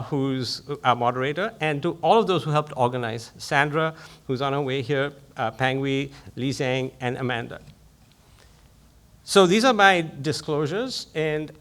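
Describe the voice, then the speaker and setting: Doctor guy giving a lecture, talks fast and excited, chatty. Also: mid-range voice. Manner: quick, eager, conversational. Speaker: invited lecturer, physician. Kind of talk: public lecture.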